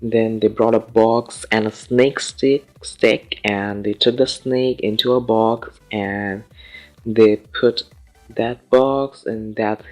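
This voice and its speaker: Indian guy vlogging, rambly story, kinda low voice, faint music under it. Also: fairly even intonation, slow. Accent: Indian English. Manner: rambling, loose, swears casually. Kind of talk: casual storytelling to camera.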